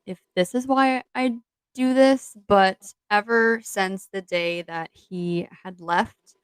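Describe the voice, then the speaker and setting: Woman podcast co-host, hesitant and halting, lots of fillers, soft trailing endings, medium pitch, dry sound. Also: clean tone, dry recording. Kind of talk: casual chat.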